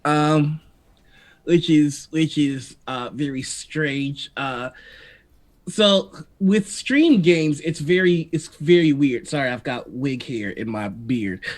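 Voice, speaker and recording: A man co-hosting a live stream chat, laughing often and talking in halting restarts, with the hiccups. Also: on the high side. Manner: giggly, halting, many restarts. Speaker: co-host.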